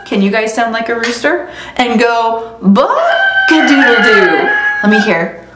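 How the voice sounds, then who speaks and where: A woman's voice: fairly high pitch, fairly even intonation, normal speed. A woman librarian leading a children's story time, playful and coaxing the kids to join in. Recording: echoey room, faint noise.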